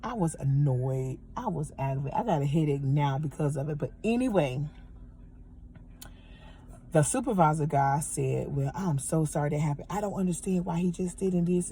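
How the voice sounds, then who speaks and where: A woman's voice: low voice, slight background noise. A woman in her thirties ranting in a heated, profane storytime from her parked car. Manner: heated, profane, animated retelling. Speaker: vlogger telling a story. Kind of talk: angry storytime rant.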